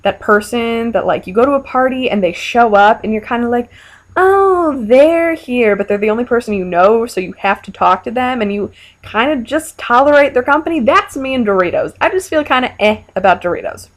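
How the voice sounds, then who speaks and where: A woman's voice: a little high, brisk. A young woman vlogger answering viewer questions in a casual, frank and playful chat, with lots of fillers. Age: young adult.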